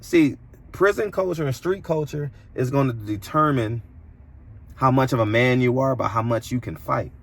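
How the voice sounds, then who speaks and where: Man, mid-pitched, boxing commentator, preachy and emphatic opinion monologue, climbs high when outraged. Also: normal speed, gravelly.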